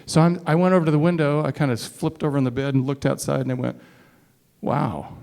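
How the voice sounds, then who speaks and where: Speaking very fast, a man with a highish, creaky, darkish voice tells a self-deprecating story on stage to a college audience. He plays out the dialogue himself.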